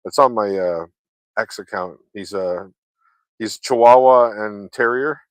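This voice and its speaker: A man with a fairly low voice talks loosely to his viewers, drifting from one story to the next and swearing often. The sound is dry and close, with no room around it. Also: unhurried, no echo. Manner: loose, chatty, swears freely, laughs often. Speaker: vlogger chatting with viewers. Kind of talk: casual rambling chat.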